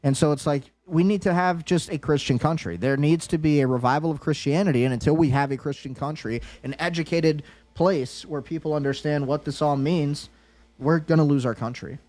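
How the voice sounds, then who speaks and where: A man hosting a heated commentary, his voice sitting a bit high for a man. He talks in an agitated, insistent way and hammers his points by repeating them. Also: brisk, darkish tone. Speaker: political commentary host.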